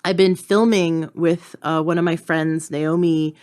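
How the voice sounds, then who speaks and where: A woman hosting a podcast in casual conversation, her voice sitting slightly low. She talks chattily, looping back with fillers and restarts. She laughs easily between thoughts. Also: fairly even intonation, a little slow, darkish tone. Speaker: podcast host.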